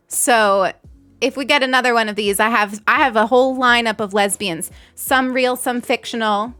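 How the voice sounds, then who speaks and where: Giggly young woman streamer, high voice. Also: normal speed, pushed and bright, faint music behind. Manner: giggly, chatty, thanks donors. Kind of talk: casual live-stream chat.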